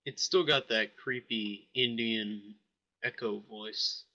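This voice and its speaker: A man casually demonstrating software while thinking aloud, offhand and a bit puzzled. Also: lowish voice, fairly even intonation, slow pace. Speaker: software reviewer. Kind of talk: casual screen-recorded software demo.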